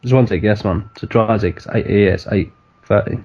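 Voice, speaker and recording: A man co-hosting a podcast in giggly, drawn-out casual chat, in a muffled recording. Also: fairly low pitch, crowd noise. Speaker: podcast co-host.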